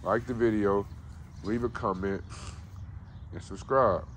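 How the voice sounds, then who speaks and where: A man's voice: lowish voice, steady tone, slow, a bit bright, a little hiss or hum. A man talking in a blunt, preachy, casual vlog style outdoors at a dog kennel, pressing his viewers again and again. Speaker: dog breeder and vlogger. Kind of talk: casual motivational vlog talk.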